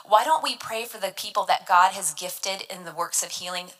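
A woman's voice: medium pitch, moderate pace, pushed and bright, low-quality recording. A woman giving devotional Bible teaching, earnest and emphatic, explaining verses word by word.

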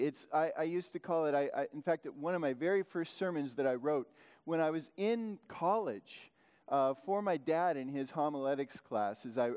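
A man's voice: a little high, darkish tone, clean tone. A male pastor giving a sermon, talking in a rambling way with frequent restarts and self-corrections. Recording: long hall reverb.

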